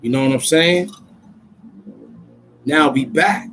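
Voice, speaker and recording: An adult man from Brooklyn, chatting casually on a livestream in an excitable, rambling way full of street slang. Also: fairly high pitch, slow pace, pauses often, a little hiss or hum, poor audio. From Brooklyn, New York. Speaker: vlogger.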